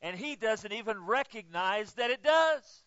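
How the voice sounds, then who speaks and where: Man, pastor, sermon, high voice, dry close sound, slightly dull recording. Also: animated, a little slow, no room sound. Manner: dramatic swings from loud emphatic exclamations to hushed asides; jokes with the congregation.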